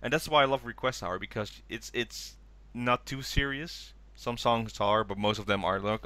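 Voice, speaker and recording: Bright-voiced man recapping a documentary. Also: moderate pace, few pauses, no echo. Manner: enthusiastic, acts out quotes in high voices. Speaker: podcast co-host. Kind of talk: casual chat recapping a documentary.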